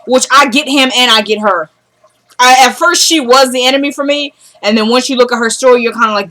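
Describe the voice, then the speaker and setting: A woman's voice: fairly high pitch, a little fast, fairly bright tone. A woman casually recapping a TV episode, acting out the characters' lines as she retells each scene. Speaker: TV show recap vlogger.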